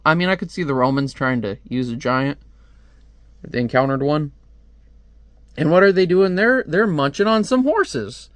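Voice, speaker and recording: A man's voice: fairly high pitch, dry recording. A man casually reviewing a comic book, talking in a rambling, chatty way with lots of fillers.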